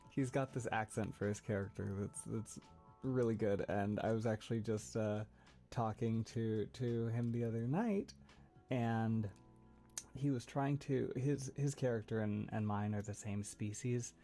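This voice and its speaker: A man's voice: lowish voice, steady tone, unhurried, mellow, soft background music. A man chatting casually on his livestream, rambling and laughing often, with lots of fillers and restarts, close to the mic. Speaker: streamer. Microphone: close mic setup.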